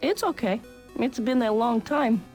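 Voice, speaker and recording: An actress voicing a gentle female dog who talks tenderly. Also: a little high, a little slow, faint music behind, natural voice. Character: gentle older female talking dog, sister.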